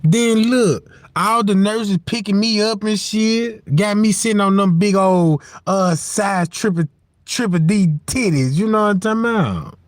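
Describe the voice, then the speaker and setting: A man's voice: sits high, unhurried, no room sound. A man hosting a livestream and telling a rambling comic story, laughing often. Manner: rambling, keeps asking "you know what I'm talking about", laughs often. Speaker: livestream host.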